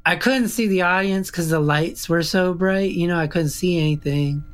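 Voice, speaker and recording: A man's voice: high voice, normal speed. A middle-aged man, a musician, telling a personal story in a loose, casual way, full of fillers and frequent laughs. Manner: rambling, filler-heavy, laughs often.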